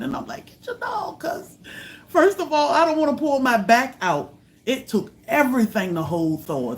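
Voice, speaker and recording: A woman, hosting a casual livestream and telling stories in a lively way, jumping up high and loud when she acts out what people said. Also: slight background noise. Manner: animated, acts out quotes with high loud bursts. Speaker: homestead channel host.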